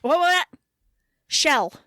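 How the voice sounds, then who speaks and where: A woman in her thirties co-hosting a casual podcast, an animated storyteller who laughs mid-sentence. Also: sits high, very slow, no echo. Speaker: podcast co-host. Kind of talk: casual chat.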